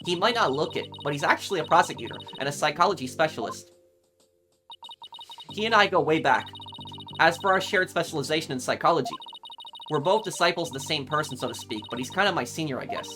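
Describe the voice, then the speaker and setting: A man's voice: a little high, animated, fast, noisy background. Chatty man hosting a game playthrough. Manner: chatty with many fillers. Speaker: let's play host. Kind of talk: casual game commentary. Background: game music.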